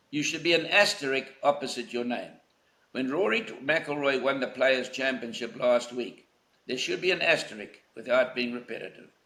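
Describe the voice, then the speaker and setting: A man's voice: medium pitch, a bit bright, reverberant. An older man from South Africa, a golf legend being interviewed, telling anecdotes in a reflective, emphatic way. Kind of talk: conversational interview.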